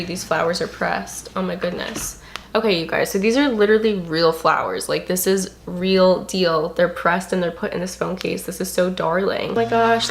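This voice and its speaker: A young adult woman vlogging an unboxing, gushing and excitable, full of "like" and "you guys". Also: lowish voice, noisy background. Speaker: beauty and lifestyle vlogger. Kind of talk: casual unboxing vlog.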